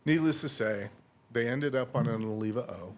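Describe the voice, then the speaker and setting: A man's voice: mid-range voice, normal speed, slight background noise. A man on a podcast telling a long anecdote in casual chat, acting out dialogue and laughing often. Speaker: podcast host.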